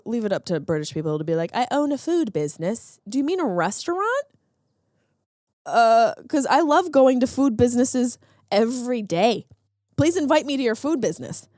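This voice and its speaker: Woman, comedy podcast host, sarcastic news riffing, bright higher voice, dry close mic. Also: dry recording. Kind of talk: comedic solo podcast monologue.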